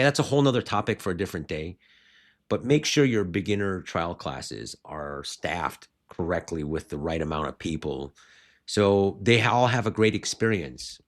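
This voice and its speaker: A man who owns martial arts schools, coaching other owners on a podcast in an animated, rambling way and often restarting his sentences. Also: deep voice.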